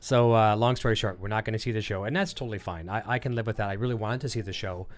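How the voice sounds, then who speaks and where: A man's voice: fairly low pitch, quick pace. A man hosting a casual livestream, rambling with lots of fillers as he reads chat comments and tells a story. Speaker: livestream host.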